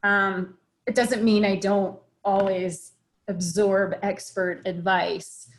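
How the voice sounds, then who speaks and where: A woman's voice: medium pitch, little pitch movement, takes it slowly. Chatty woman restaurant owner, video call. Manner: reflective storyteller, frequent fillers and restarts, laughs often. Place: home office at a computer.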